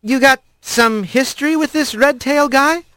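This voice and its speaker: A man's voice: very high voice, a little slow, bright, forceful tone, no room sound, clean studio sound, voice pushed up, heavily acted. A man voicing a male rat investigator who talks in a breezy, quippy, easygoing way. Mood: wry.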